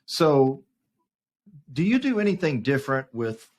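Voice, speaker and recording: A man's voice: medium pitch, big pitch swings, a little slow. A man hosting an interview, asking questions with brief affirmations in between. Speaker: interview host.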